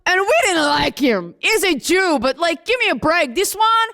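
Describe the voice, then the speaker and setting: A woman's voice: very high-pitched, big pitch swings, moderate pace, bright, forceful tone, full character voice. A woman playing the young apostle John, a grieving and indignant man, in a dramatic first-person monologue, talking straight to the listener. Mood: incredulous.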